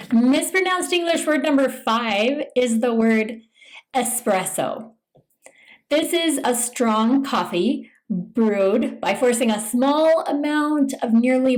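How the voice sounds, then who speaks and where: A woman teaching English pronunciation in a scripted lesson, speaking slowly and enunciating each word with care. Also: fairly high pitch, rough recording. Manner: slow, deliberate, careful enunciation.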